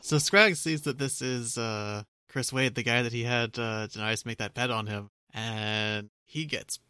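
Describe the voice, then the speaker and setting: A man's voice: medium pitch, steady tone, measured pace, pushed and bright, clean tone. A man playing a tabletop game, animatedly narrating what his character does. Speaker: player. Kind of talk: casual tabletop game chat.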